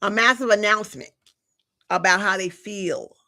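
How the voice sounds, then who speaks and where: A woman's voice: medium pitch, normal speed, sharp tone. A woman giving a live collective tarot reading, talking casually and directly to her viewers with slang and frequent chatty asides. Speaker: tarot reader.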